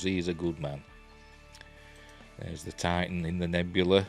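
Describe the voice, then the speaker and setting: Reviewing a TV episode casually, a Yorkshire man speaks at normal speed in a deep, low, creaky voice with little pitch movement. He pauses often and rambles, filling the gaps with "you know" and "um," while soft music plays behind him.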